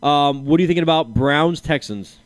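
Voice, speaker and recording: A man's voice: a little high, a little fast, no room sound. A man co-hosting a sports podcast, chatting casually, swearing freely and retelling comedy bits. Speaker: podcast co-host.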